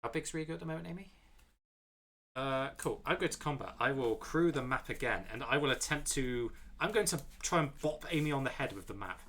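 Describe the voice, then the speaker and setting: A man's voice: mid-range voice, expressive, a little fast, fairly bright tone. A man playing a card game with friends over a stream, chatting casually and explaining card rules at length with self-deprecating jokes.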